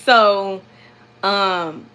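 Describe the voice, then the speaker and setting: A young woman tells a story to her viewers in an animated, rambling way, repeating herself and calling out to them. Her voice is bright and clear, at a middle pitch. She talks casually from the cab of her truck. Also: very slow. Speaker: vlogger.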